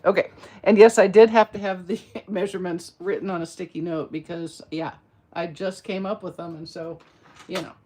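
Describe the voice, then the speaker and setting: A woman's voice: lowish voice, fairly even intonation, normal speed, dark tone, slight background noise. Chatty self-mocking woman teaching a craft. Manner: chatty, self-deprecating, rambling asides. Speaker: card-making demonstrator. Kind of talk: casual craft tutorial.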